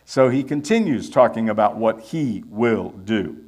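A man preaching an expository Bible sermon, reading verses aloud with rising emphasis and pausing on fillers between phrases. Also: lowish voice, lively intonation, a little mellow. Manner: emphatic, reads scripture aloud with rising force. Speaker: Bible teacher.

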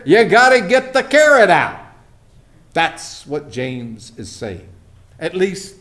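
A man with a high-sitting, fairly bright voice preaches a sermon full of anecdotes. He tells folksy stories and acts out the voices of the people in them.

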